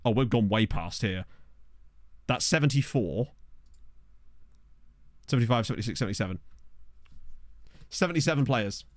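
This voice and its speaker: Chatty male game streamer, lively pitch. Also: normal speed, pauses often, no room sound. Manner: chatty, thinking aloud and addressing viewers. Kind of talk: casual live-stream game commentary. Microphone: desk microphone.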